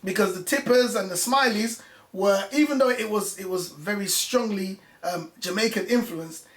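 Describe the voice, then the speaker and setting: Talking at normal speed in a high-sitting voice, this man reminisces as a guest about working as a music journalist. He's passionate and lively in the casual chat, and the space around him is echoey.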